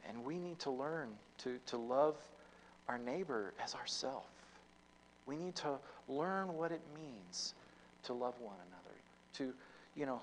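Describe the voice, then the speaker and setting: A man's voice: medium pitch, slight background noise, poor audio. A man preaching a sermon as pastor, telling a story with many fillers and restarts, his volume rising and falling. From United States.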